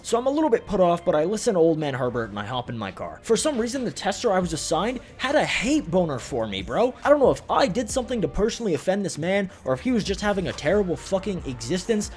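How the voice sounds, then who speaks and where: Animated, foul-mouthed young man telling a story. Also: high-pitched, fast, hardly any pauses. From Canada. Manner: animated, profane, rambling. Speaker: gaming channel host. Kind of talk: comedic storytime over gameplay. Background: faint background music.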